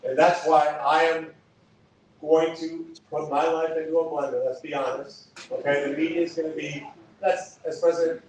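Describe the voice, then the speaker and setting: A man's voice: on the high side, flat delivery, moderate pace, a little hiss or hum. A man giving a campaign stump speech. He talks emphatically, whose first language is Spanish, and repeats key lines for effect. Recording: echoey hall from far off.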